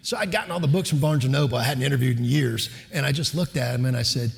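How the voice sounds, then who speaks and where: A middle-aged man giving a keynote speech, telling a personal story in a relaxed, conversational way with fillers, in a reverberant lecture hall. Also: medium pitch, quick pace, creaky, hardly any pauses. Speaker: keynote speaker, lawyer.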